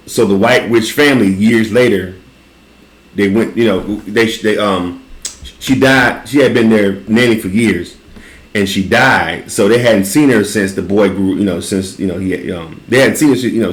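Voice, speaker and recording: A man's voice: lowish voice, normal speed. A man hosting a casual chat, telling stories in a loose, rambling way full of restarts. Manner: loose rambling storytelling with frequent restarts and laughter. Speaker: podcast host. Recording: roomy echo.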